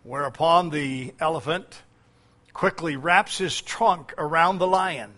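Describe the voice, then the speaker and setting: A man's voice: a little high, slow pace, pushed and bright. A man preaching a sermon as pastor, with frequent fillers and key phrases repeated.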